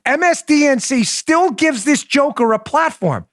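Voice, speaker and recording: A combative male host with a high, bright-edged voice, hammering each point with mocking emphasis. He sits close to the mic in a dry, dead room with no echo at all. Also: expressive, unhurried. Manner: does a high silly impression voice in bursts. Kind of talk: political commentary show.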